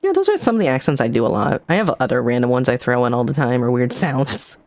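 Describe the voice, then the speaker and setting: A woman's voice: rumbling low, sing-song, fast talker, a little mellow, dry recording. A woman streamer and game master chatting casually in a flirty, playful, laid-back manner. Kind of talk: casual chat.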